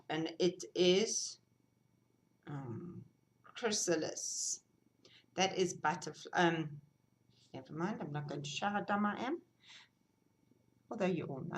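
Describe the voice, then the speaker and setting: A South African woman hosting a knitting podcast, chatting casually and gushing excitedly over gifts and yarn, sometimes dropping to a whisper. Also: fairly low pitch, slight background noise, poor audio. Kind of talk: casual unboxing chat.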